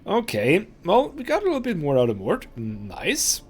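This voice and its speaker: A man's voice: high-pitched, huge pitch swings, normal speed, husky. A man hosting a let's play, chatting casually and reading game text aloud into a desk microphone.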